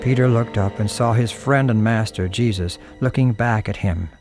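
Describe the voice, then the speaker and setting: A man's voice: lowish voice, moderate pace. Earnest male storyteller over music. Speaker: narrator. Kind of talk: scripted radio drama narration. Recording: music underneath.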